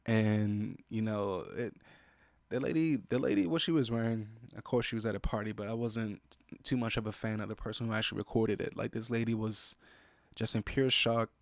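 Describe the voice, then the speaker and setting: A man's voice: on the low side, steady tone, normal speed, creaky, no room sound. A young man, hosting a solo podcast and venting in an irritated, profane way about what upsets him. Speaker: podcast host. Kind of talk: solo casual podcast monologue. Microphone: close podcast mic.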